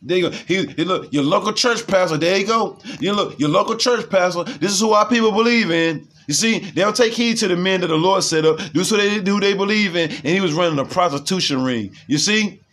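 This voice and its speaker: A man with a high-pitched voice reads headlines aloud at a slow, deliberate pace, then breaks into loose, rambling commentary. He keeps circling back with repeated tags and questions to his listeners, in a casual, conversational delivery. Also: a bit bright. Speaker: news commentator.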